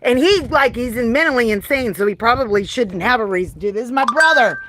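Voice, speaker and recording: A woman's voice: on the high side, lively intonation, a little fast, background noise. A woman chatting casually on a live stream from home, folksy and self-mocking as she shows off her handmade blankets.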